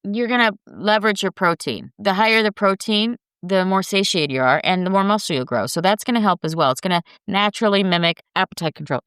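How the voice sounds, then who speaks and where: Smooth-voiced woman host giving health advice. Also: on the low side, a bit bright, dry recording, clean studio sound. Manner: earnest, coaching, addresses listeners as guys. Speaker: podcast host. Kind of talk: casual health talk to viewers.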